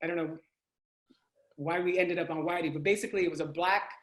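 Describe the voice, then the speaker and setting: A man interviewing a guest over a video call, animated and quick to laugh. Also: fairly high pitch. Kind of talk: casual video-call conversation. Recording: echoey room on a video call.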